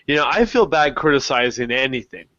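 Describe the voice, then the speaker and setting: A man co-hosting a photo show over a video call from home, chatting casually with self-deprecating jokes and halting restarts. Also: mid-range voice, lively intonation, bright, forceful tone, dry recording. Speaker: co-host and photographer. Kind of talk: casual chat. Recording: dull, dry lo-fi call audio.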